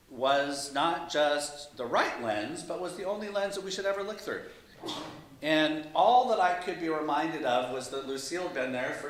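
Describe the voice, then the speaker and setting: Man pastor, self-deprecating storyteller with chuckling asides, voice a bit high, very echoey meeting hall. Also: fairly bright tone. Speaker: pastor and guest speaker. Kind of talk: humorous storytelling talk.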